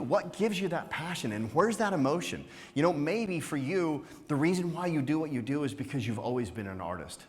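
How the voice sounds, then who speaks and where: A man giving a motivational business talk to a live conference audience, energetic and teasing, throwing out rhetorical questions with a frequent "right?". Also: a little high, fairly quick, hardly any pauses. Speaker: conference speaker. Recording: long hall reverb.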